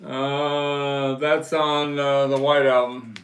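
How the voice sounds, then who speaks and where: A man hosting a casual livestream, telling a story slowly and with emphasis and reading viewer messages aloud. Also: medium pitch, level tone, a bit bright. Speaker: livestream host. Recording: echoey room.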